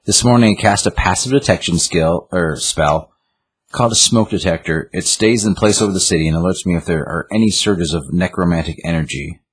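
A man voicing a solemn, loyal male monk in a formal, measured way. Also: low-pitched, slightly rough.

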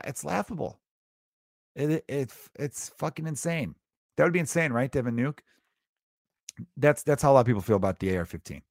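A man's voice: medium pitch, darkish tone, no room sound, studio quality. A male comedian hosting a podcast, ranting in a profane, sarcastic, exasperated monologue.

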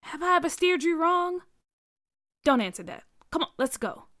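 A woman voicing a sneaky, bossy boy ringleader who speaks in a hushed whisper. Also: very high-pitched, very animated, moderate pace, no echo, studio quality, voice pushed up, full character voice. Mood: cocky.

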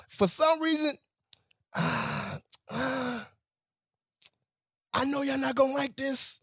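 A man rants for laughs in an exasperated, swearing voice that leaps high and then drops low. His delivery is dry and close. He sounds worked up and animated throughout. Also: slow, long pauses, slightly rough, no room sound. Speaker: nightlife promoter. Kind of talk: comedic rant.

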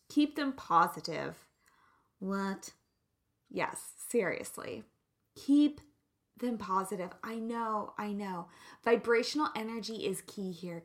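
A woman giving casual motivational advice in a playful, emphatic way with jokey asides. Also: mid-range voice.

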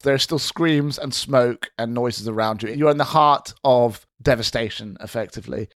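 A man narrating a tabletop game as game master in a steady, descriptive way. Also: medium pitch, moderate pace, no room sound, clean studio sound.

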